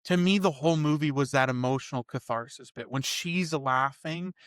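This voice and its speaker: A man's voice: medium pitch, moderate pace, a bit bright, clean tone, dry recording, studio quality. A man co-hosting a movie review podcast, talking casually and animatedly, swearing and acting out scenes. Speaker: podcast co-host.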